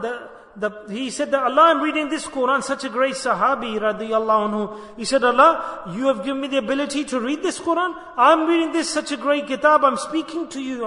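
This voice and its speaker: A man with a very high, sharply bright voice delivers an earnest sermon to a gathering, repeating phrases and asking his listeners whether they understand. He mixes Arabic devotional phrases into his English. The sound carries a long, roomy hall reverb. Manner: earnest, repeats phrases, asks the audience questions. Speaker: Sufi sheikh teaching a dhikr gathering.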